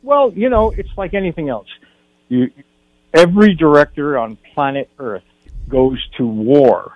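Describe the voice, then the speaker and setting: An older man, a film director, telling stories as a guest in a radio studio interview, animated and acting out what people said. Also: a little high, measured pace, no room sound, muffled recording. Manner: animated anecdote teller, acts out quotes.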